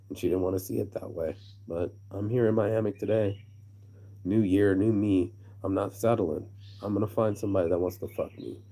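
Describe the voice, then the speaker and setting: An American man vents to camera from a hammock outdoors, cursing freely and circling back over his own words. His voice sits fairly low, with a very dark, husky tone. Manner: profane, rambling, repeats words when worked up. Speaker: vlogger. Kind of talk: casual rant to camera.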